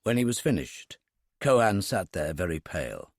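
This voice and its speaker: A male audiobook narrator telling a thriller in a measured way, his pitch moving lively up and down. The recording is close and dry, with no room around it. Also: no echo. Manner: measured storytelling.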